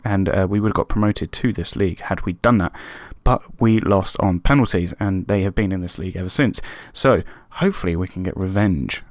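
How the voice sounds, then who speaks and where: A man hosting his own gaming channel, commentating a football management game casually, excitable and prone to yelling at his players. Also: sits low, fairly quick, hardly any pauses, no room sound, studio quality. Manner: excitable, shouting at players, swings between frustration and resignation. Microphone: webcam microphone.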